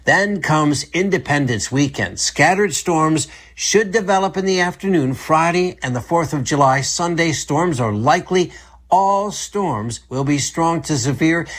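Male meteorologist, slightly high voice, brisk broadcast forecast. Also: a bit bright. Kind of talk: weather forecast.

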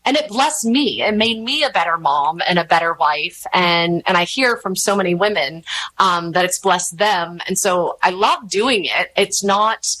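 A rambling woman in her thirties with a drawl, chatting openly as an interview guest. She tells stories in a lively way and jumps into the voices of the people she quotes. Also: on the low side, unhurried, low-quality recording. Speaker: podcast host, interview guest. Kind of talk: candid conversational storytelling.

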